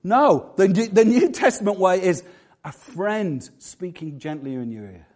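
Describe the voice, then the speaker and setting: A man's voice: high voice, animated, measured pace, a little mellow. A middle-aged man preaching a sermon as pastor, conversational and self-deprecating.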